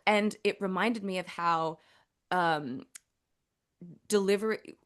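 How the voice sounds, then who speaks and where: A woman's voice: medium pitch, slow. A woman with an Australian accent, co-hosting a podcast in casual chat, chatty and prone to tangents. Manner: chatty, animated, wanders off on tangents. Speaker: podcast co-host.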